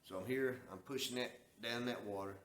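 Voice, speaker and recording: Folksy Southern male storyteller, mid-pitched, recorded in a roomy space. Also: fairly quick, fairly bright tone, a little hiss or hum. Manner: folksy, drawling, acts out quoted dialogue. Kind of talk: casual storytelling. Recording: echoey room.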